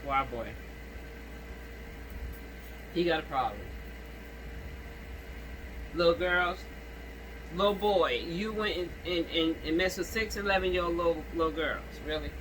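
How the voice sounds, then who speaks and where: A man hosting a channel reads a news story aloud haltingly, stumbling and restarting, and breaks off for casual comments to viewers while coughing and clearing his throat. His voice is fairly high, and there's background noise.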